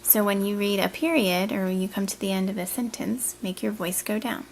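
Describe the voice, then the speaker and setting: Woman reading teacher, clear, patient, encouraging, instructional, middle pitch. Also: moderate pace, a little hiss or hum. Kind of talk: instructional coaching and voice-over.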